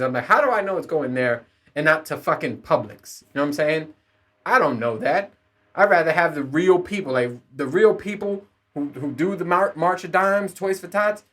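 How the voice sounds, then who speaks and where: A man's voice: fairly high pitch, fairly bright tone. Profane rambling man ranting on his podcast. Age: adult parent. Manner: profane, rambling, frequent laughs. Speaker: podcast host. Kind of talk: casual solo podcast rant.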